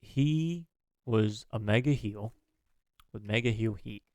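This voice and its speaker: A man's voice: on the low side, takes it slowly, a little mellow, no room sound, studio quality. A man co-hosting a podcast, talking casually about wrestling, hedging and swearing freely with many fillers. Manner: profane, hedging, thinks aloud with many fillers. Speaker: podcast co-host.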